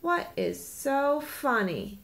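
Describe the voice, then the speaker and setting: A woman's voice: high voice, wildly swooping pitch, slow pace, fairly bright tone. A woman reading a children's picture book aloud in a playful way, slipping into small voices and silly laughs.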